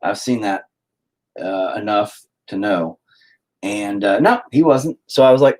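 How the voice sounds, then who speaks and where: A man's voice: lowish voice, lively intonation, measured pace, a little mellow. A man hosting a casual stream, telling a story to viewers in a rambling way and swearing freely. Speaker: stream host chatting with viewers.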